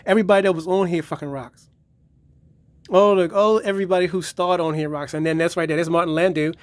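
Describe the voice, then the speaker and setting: Profane, rambling man with a high voice. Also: steady tone, fast talker, dry recording. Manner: profane, rambling retelling of episodes. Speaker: collector reviewing his DVD collection. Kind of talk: casual video review.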